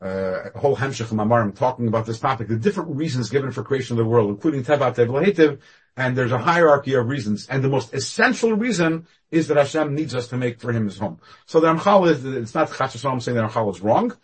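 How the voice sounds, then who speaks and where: A man giving a Torah class over a video call, talking animatedly with sudden jumps up and down in pitch and loudness. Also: lively intonation, fast, breathy edge. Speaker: rabbi teaching a class.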